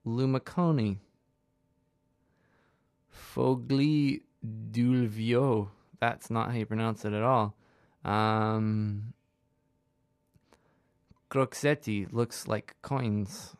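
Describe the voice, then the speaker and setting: A man's voice: fairly low pitch, steady tone, slow, pauses often, clean tone, dry recording, studio quality. A man in his twenties hosting a radio show, chatting in a casual, rambling, self-deprecating way with lots of fillers. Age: 20s. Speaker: radio host.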